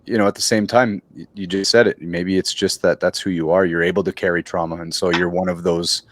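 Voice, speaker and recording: A man's voice: deep voice, steady tone, brisk, a little hiss or hum. A man co-hosting a podcast in casual chat, supportive and conversational, with many fillers. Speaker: podcast co-host.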